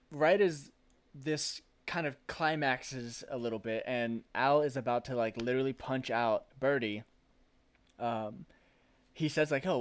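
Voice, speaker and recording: A man in casual chat recapping a film, laughing often, swearing freely and acting out lines of dialogue. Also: mid-range voice.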